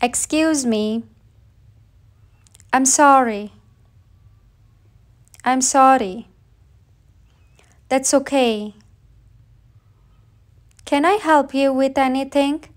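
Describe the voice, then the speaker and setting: Woman teacher, high voice, very slow and clear drill reading for learners. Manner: says each phrase slowly and plainly, often twice. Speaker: English teacher. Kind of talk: slow read-aloud phrase drill.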